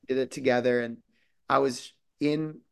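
A man's voice: mid-range voice, steady tone, moderate pace, vocal fry, clean tone. A man from Minnesota, a guest actor talking casually in an interview, rambling with many restarts and quoted asides.

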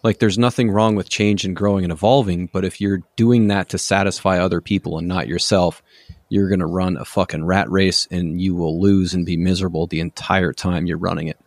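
A young man hosts a podcast in an earnest, reflective way and stresses his points firmly. His voice is very low and stays fairly level, and it is recorded dry and close to the mic. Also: steady tone, brisk, no room sound. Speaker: podcast host. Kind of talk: conversational interview.

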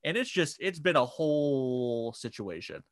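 A young man chats casually as a podcast co-host. His voice sits at a middle pitch, and the dry, close sound carries no room at all. He rambles and restarts his sentences, filling gaps with "like". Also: very animated, a little slow, dry recording. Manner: rambling, lots of fillers and restarts. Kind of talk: casual chat.

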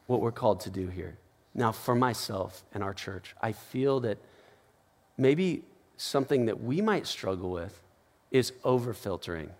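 A man preaching a casual, conversational sermon as pastor, acting out little scenes and quotes. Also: mid-range voice. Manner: conversational, animated, acts out quotes with laughs. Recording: long hall reverb.

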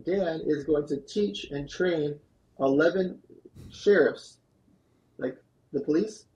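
An animated man recounting a business story as a podcast guest. His voice sits a little high but stays mellow and warm. He rattles through events in quick bursts. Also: lo-fi sound. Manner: animated, fast-moving anecdotes. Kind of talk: storytelling interview answer. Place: podcast studio.

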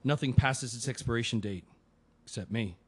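An actor playing an ill man who talks quietly and wryly about his guilt. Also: medium pitch, moderate pace, breathy edge, close to an everyday voice. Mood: subdued. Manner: quiet, subdued, self-deprecating. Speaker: Ben, the sick man. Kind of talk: audio drama acting, inner monologue.

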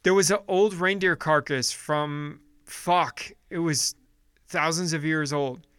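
A man's voice: a little high, steady tone, slow pace, a bit bright, clear, resonant tone, dry recording. A man delivering a blunt, profane, exasperated casual rant, often restarting his sentences.

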